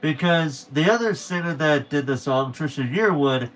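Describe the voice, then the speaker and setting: A man's voice: a little high, animated, normal speed, fairly bright tone. A young man chatting casually to viewers on a late-night stream, rambling and correcting himself as he goes.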